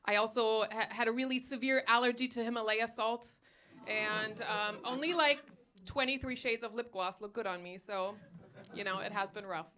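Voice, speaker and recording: A young woman from Germany doing stand-up on a comedy stage, sardonic and chatty, padding her lines with ums and likes. Her voice is bright and forceful and sits a little high. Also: steady tone, moderate pace. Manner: sardonic, chatty, many ums and likes, laughs at own jokes. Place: comedy stage before a live audience.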